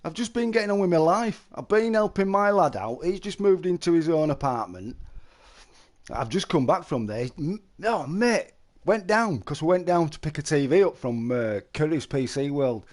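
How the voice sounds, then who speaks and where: A man's voice: on the high side, expressive, normal speed, darkish tone. A middle-aged man, chatting casually to viewers on a live stream and telling stories. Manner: chatty, storytelling, calls listeners mate.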